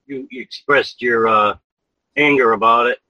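Bright-voiced male co-host, muffled sound. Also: medium pitch, steady tone, moderate pace, dry recording.

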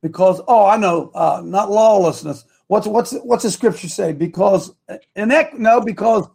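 Gravelly rambling male talk host. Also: sits high, measured pace, darkish tone. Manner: rambling, loses his train of thought. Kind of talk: live talk show with prayer.

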